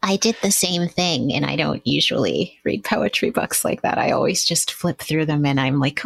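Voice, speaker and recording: A woman hosting a podcast, asking curious and gently probing questions. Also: sits low, moderate pace, vocal fry, hardly any pauses. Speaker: podcast host. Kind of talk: warm reflective interview.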